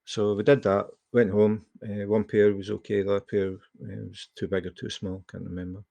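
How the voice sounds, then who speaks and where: Scottish man, livestream host, casual storytelling, rambling with fillers, low voice, gravelly. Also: flat delivery, normal speed, warm tone, dry recording, muffled recording. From Scotland. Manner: rambling anecdotal telling with fillers.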